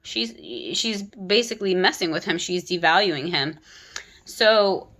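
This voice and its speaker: Woman ranting casually about a kids book, animated, restarts a lot, bright voice. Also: medium pitch, a little slow. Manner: animated, critical retelling with frequent restarts. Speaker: content creator.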